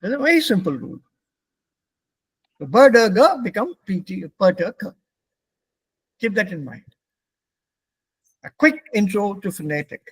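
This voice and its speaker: A man's voice: high-pitched, big pitch swings, measured pace, long pauses, husky, dry recording. A middle-aged man, patiently explaining German pronunciation rules to a class step by step.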